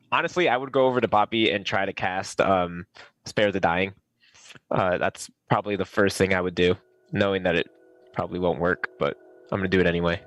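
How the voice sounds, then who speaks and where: A man's voice: sits low, fairly bright tone, no echo. A man playing in a tabletop game, talking through his character's actions in a thoughtful, rambling way. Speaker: player. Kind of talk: tabletop role-play chat.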